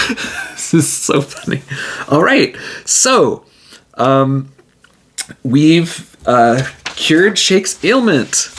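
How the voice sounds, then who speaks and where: A man's voice: a little high, sing-song, extremely slow, long pauses, fairly bright tone. A man narrating and playing a solo tabletop game in a rambling, easygoing way. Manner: rambling, laughing often.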